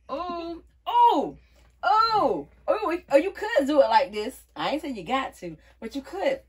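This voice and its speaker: A woman's voice: high-pitched, very animated, normal speed, husky. A woman vlogging a wig review in a casual, playful way, often calling viewers y'all. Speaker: beauty vlogger.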